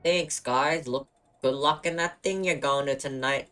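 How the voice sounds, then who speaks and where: Relaxed man streaming a game. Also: medium pitch, measured pace, faint music behind. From Australia. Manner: relaxed, self-deprecating, swears casually. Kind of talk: casual gaming commentary with reading aloud.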